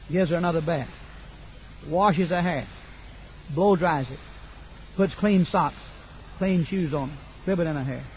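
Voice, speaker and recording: An older man, preaching a sermon that swings from quiet asides to loud fervent declaration. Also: high-pitched, highs cut off, a little hiss or hum.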